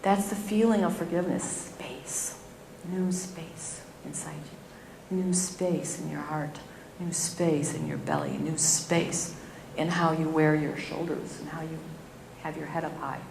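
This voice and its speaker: Woman, middle-aged, spiritual teacher, gentle expressive storytelling, roomy hall echo. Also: sits low, unhurried, gravelly. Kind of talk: spiritual talk to a live audience. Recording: echoey hall, faint room noise.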